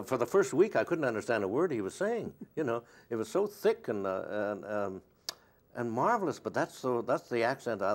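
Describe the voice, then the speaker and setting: Older male actor, interview guest, meandering storyteller with many fillers. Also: on the low side. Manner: rambling and anecdotal, many fillers. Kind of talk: casual interview chat.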